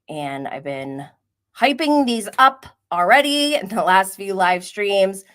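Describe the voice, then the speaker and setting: A woman hosting a livestream and chatting casually through a recap, talking in an animated way and laughing often. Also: lowish voice. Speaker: host.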